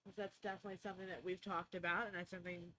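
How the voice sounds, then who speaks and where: A woman's voice: on the low side, flat delivery, racing, sharp tone, low-quality recording. A woman hosting a podcast, chatting casually and upbeat, with plenty of filler words. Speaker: podcast host.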